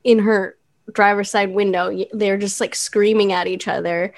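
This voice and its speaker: A woman's voice: medium pitch, steady tone, moderate pace. Woman, casual co-host, blunt and matter-of-fact, swears freely. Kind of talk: casual chat.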